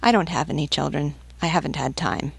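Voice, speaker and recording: A woman's voice: low-pitched, fairly quick, creaky, breathy edge, dry recording, heavily acted. A woman voicing a talkative, outspoken woman who serves drinks to soldiers. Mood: friendly. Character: chatty, bold woman canteen-keeper with soldiers.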